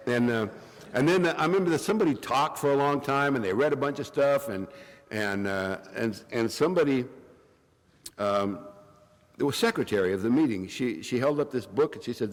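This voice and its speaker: A middle-aged man telling a comic recovery story at a meeting, rambling with wry jokes and fillers, a little hoarse and coughing from bronchitis. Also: medium pitch, expressive, normal speed. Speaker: AA speaker. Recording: long reverb of a hall.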